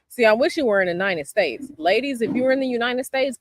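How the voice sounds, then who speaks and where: A woman's voice: on the high side, expressive, quick pace, few pauses, no echo. A woman from Chicago hosting a casual chat with her viewers outdoors, sassy and emphatic, repeating her advice. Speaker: tarot channel host. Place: outdoors by a palm tree, planes overhead.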